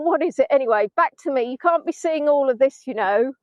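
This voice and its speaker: A woman's voice: high-pitched, expressive, a little fast, a little mellow, dry recording. Chatty middle-aged woman tour guide outdoors. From England. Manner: chatty, self-mocking, breaks into snatches of song. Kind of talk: casual live-stream chat. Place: outdoors in sand dunes by the sea. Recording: dull, dry phone-stream audio.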